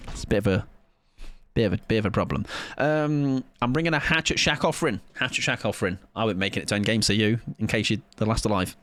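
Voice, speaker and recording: A man's voice: on the low side, fast, a bit bright, no room sound. A man, chatting casually with viewers as a game streamer in a playful, rambling, self-mocking way.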